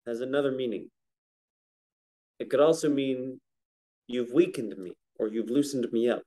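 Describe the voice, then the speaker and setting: A man leads a relaxed Torah class at a middle pitch. He talks to his students conversationally and stretches out Hebrew verses when he chants them. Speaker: rabbi teaching a prayer-book class.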